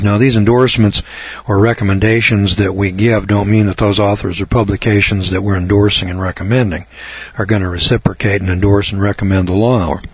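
Husky man preaching on radio. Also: lowish voice, no echo. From American South. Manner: preachy, emphatic, lists at length. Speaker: radio show host. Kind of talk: radio commentary with scripture reading. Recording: dull dry radio broadcast sound.

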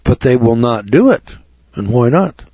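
Unhurried and dark-toned with a breathy edge, this medium-pitched man swings widely in pitch as he rants on his talk radio show. He poses rhetorical questions, throws sarcastic asides, and calls listeners kids. The dull, lo-fi broadcast has no echo.

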